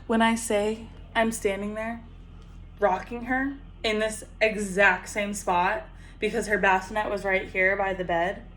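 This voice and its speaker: Casting note: young woman, casual vlogger, unhurried chatty storytelling. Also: mid-range voice. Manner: chatty, frequent fillers, animated retelling.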